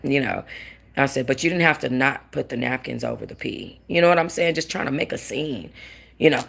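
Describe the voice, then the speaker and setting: A woman with a low, gravelly voice tells a story in a casual, animated rant. She acts out what each person said and swears freely. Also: fairly quick. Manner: animated, swearing, quotes people. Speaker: vlogger.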